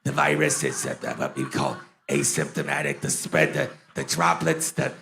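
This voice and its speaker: A man doing an impression of an elderly male health official who talks low and mumbles through stumbling phrases. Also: wildly swooping pitch, moderate pace, gravelly, bright, forceful tone, slight background noise, heavily acted. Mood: mumbling.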